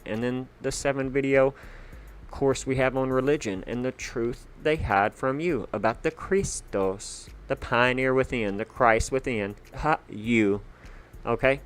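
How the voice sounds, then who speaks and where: A man's voice: fairly low pitch, smooth. Hyped, chatty male livestream host. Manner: hyped, chatty, full of fillers. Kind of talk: casual livestream chat.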